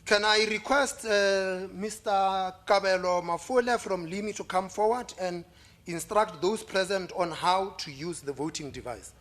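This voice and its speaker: A man with a South African accent chairs a formal meeting. His voice sits high for a man, and he reads through the agenda items steadily, pausing briefly with small fillers. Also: a bit bright.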